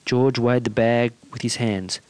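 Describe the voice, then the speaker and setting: A narrator reads a story in a mid-range, slightly mellow voice with a clear, resonant tone. He speaks unhurriedly with fairly even intonation, and the sound is dry with no room noise.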